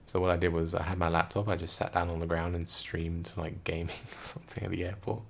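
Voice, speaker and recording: Young male vlogger, quiet and tired, deep gravelly delivery. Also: level tone, quick pace. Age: young adult. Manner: hushed, quiet, rambling talk. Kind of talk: casual storytelling vlog. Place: room indoors at night.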